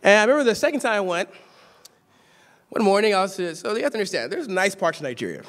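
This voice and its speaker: High-voiced young preacher from Los Angeles. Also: male voice, big pitch swings, quick pace. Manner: storytelling, swings from quiet asides to shouted exhortation. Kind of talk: sermon. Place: church sanctuary.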